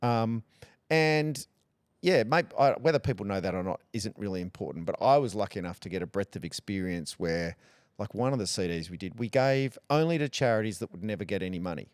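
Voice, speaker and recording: A middle-aged Australian man talking candidly in a relaxed interview, joking and rambling through stories. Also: lowish voice, fairly quick, smooth, dry recording, clean studio sound. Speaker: podcast guest, radio personality.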